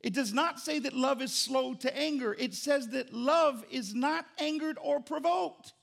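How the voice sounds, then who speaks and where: A middle-aged man preaching a sermon as pastor, conversational and joking, with an animated delivery. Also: very high-pitched, measured pace, creaky.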